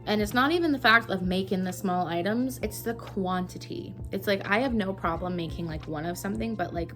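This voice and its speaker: Talking fairly quickly over music, a young Canadian crochet vlogger with a medium-pitched voice chats while she works. She rambles casually and uses plenty of fillers, recording on her phone.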